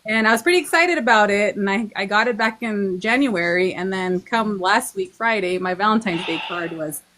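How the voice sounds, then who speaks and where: Woman, 40, from the Navajo Nation, earnest podcast guest, mid-pitched with halting restarts. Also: sharp tone, slight background noise. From Navajo Nation, Arizona. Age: 40s. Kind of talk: casual chat.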